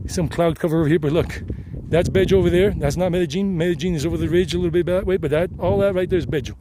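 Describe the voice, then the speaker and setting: A man's voice: fairly high pitch, quick pace, background noise. A middle-aged man with a Southern US accent narrates his hike in a chatty, meandering way and sweats from the climb. He records on a handheld phone outdoors on a mountain trail. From South Carolina, United States. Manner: chatty, meandering, repeats himself. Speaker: travel vlogger and English teacher. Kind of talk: casual rambling narration while hiking.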